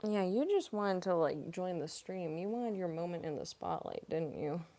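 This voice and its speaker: A woman's voice: fairly low pitch, animated, normal speed, dark tone. A young woman, a voice actress, chatting casually on a live stream, giggling often and cooing at her cat.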